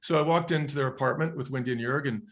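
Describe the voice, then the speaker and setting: Appearing as an interview guest on a podcast, a middle-aged man who once was a restaurant chain executive shares a personal story, earnest and reflective. He talks fast in a mid-range, fairly bright voice, taking on the voices of those he quotes.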